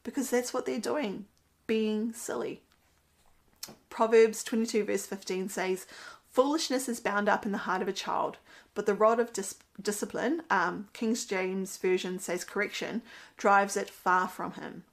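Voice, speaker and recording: Woman, thirties, mother, casual parenting talk, earnest, chatty, mid pitch. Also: steady tone, measured pace, vocal fry. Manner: earnest, chatty, laughs at her own stories. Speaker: mother giving parenting commentary. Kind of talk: casual monologue with Bible quotes.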